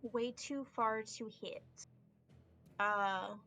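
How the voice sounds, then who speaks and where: Bright-voiced woman playing a tabletop game. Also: mid-range voice, fairly even intonation, drawn-out words. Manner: casual, thinks aloud while counting dice. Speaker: player.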